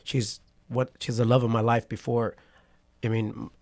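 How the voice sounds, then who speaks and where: A man's voice: mid-range voice, normal speed, gravelly. A man in his forties from California, a podcast guest telling a story in a casual interview and acting out what people said. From Patterson, California. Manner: animated storyteller who acts out quotes and keeps asking "right?".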